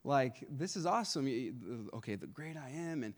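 A man's voice: medium pitch, animated, moderate pace, natural voice. A man voicing Moses as an anxious man who stammers out his doubts, within a sermon. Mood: amazed. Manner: fretful, stammering protests.

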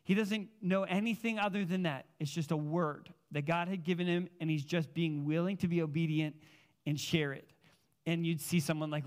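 A man preaching a sermon as a pastor, telling personal stories in an animated, casual way with plenty of filler words. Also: a little high.

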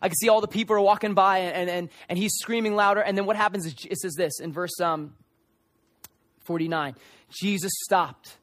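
A man's voice: high-pitched, fairly even intonation, brisk, fairly bright tone, dry recording. A young man preaching a sermon with passion, acting out the voices of people in the story.

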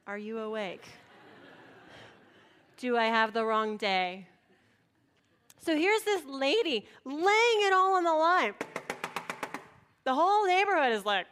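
A middle-aged woman pastor preaching a sermon, telling a story in an animated way and acting out voices. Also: high-pitched.

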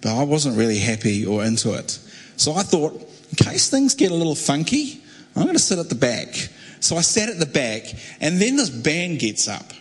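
A young man preaching a testimony, telling his story animatedly and acting out other voices, with a husky voice. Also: on the high side, moderate pace. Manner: animated, acts out quoted voices. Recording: echoey hall with long reverb.

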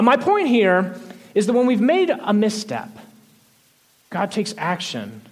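Animated male preacher retelling a story. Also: on the high side. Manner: animated storytelling, frequent restarts, soft trailing endings. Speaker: pastor. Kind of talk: sermon retelling a Bible story.

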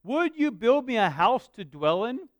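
A man from Australia, a pastor with an Australian accent worn toward American, preaching a sermon in an earnest, conversational way with dramatic pauses. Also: extremely high pitch, sing-song, no room sound. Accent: Australian mixed with American.

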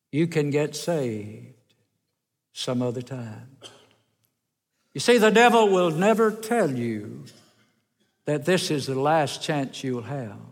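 In a church sanctuary with long hall reverb, a male pastor delivers a sermon full of folksy stories, his voice rising and falling dramatically in both pitch and volume.

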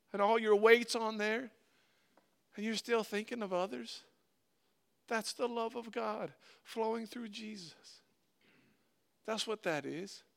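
A man preaching a sermon and reading scripture aloud, earnestly swinging between loud stresses and hushed, slowed phrases. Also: high voice, creaky, clear, resonant tone. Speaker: pastor.

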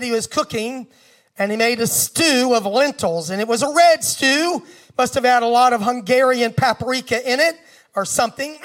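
High-pitched guy preaching slow, big emphatic repeats. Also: a bit bright. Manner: storytelling with emphatic repetition. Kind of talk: sermon.

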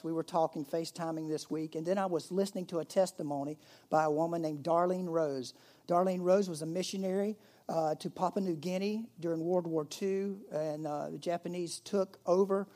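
A man preaching a sermon as pastor, conversational, swinging between emphatic rises and hushed, quiet moments. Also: a little high, steady tone, normal speed.

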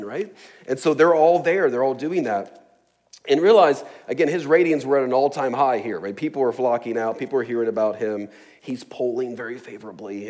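A man's voice: mid-range voice, a little mellow. A man preaching a sermon in a casual, joking way, with chuckles, asides and many fillers. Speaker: pastor.

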